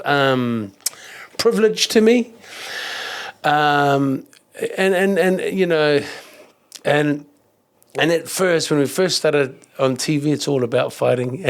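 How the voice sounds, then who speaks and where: A middle-aged man with a New Zealand accent tells stories in a casual podcast chat, his voice gravelly and set a little high. He rambles and grows animated, swearing now and then and putting on the voices of people he meets. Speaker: kickboxing champion and coach, guest. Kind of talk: casual storytelling interview.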